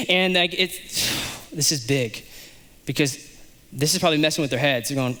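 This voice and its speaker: A man pastor preaching a sermon, animated, acting out the characters of a scripture passage in quick asides. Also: fairly high pitch, in a large hall.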